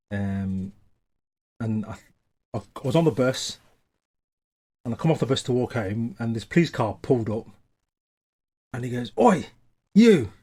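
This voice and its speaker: A man being interviewed for a documentary, recounting a memory hesitantly with many "um"s and growing animated as he talks. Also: on the low side.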